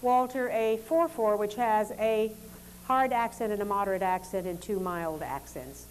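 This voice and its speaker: A woman leading a lecture demonstration, giving calm, polite directions to dancers and explaining as she goes. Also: medium pitch, moderate pace, slight background noise. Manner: calm, instructive, polite commands.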